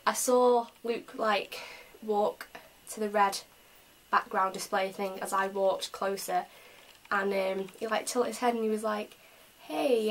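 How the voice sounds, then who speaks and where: A young woman from England telling an excited story in a casual vlog, chatty and full of fillers. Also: mid-range voice, rough recording. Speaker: vlogger.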